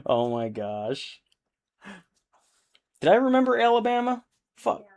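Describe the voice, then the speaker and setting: A man's voice: extremely high pitch, huge pitch swings, takes it slowly, darkish tone. A young adult man chatting casually on a live stream while painting miniatures, rambling, thinking aloud and laughing easily.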